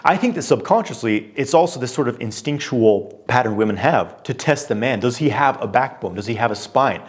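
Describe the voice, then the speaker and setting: A man's voice: medium pitch, animated, a little fast. Direct, conversational male relationship coach. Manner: direct and conversational, with frequent "you know" fillers; poses pointed questions to the listener. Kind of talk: direct-to-camera coaching talk.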